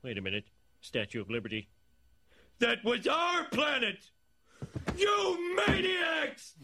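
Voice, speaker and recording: An actor voicing a panicking cartoon dad who shouts and wails melodramatically. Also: male voice, very high voice, wildly swooping pitch, slow, full character voice. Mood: despairing. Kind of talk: cartoon clip. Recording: clip with crowd noise behind.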